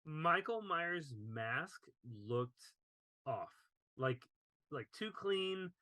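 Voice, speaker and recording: A young man co-hosting a movie podcast, sharing opinions and asking questions in a relaxed, casual way. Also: a little high, very slow, no room sound. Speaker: podcast co-host. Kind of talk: casual movie review chat.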